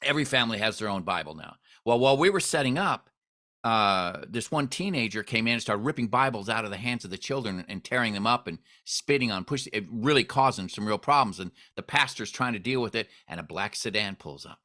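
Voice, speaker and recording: A man hosting an interview, telling a story with expressive swings in pitch and volume. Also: brisk. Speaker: host.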